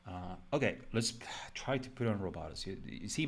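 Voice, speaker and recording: A man's voice: medium pitch, sing-song, quick pace. A man from Mexico chatting casually and jokingly while he draws on a live stream, rambling with lots of "like". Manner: rambling and joking, heavy use of "like". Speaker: illustrator streaming a live drawing session.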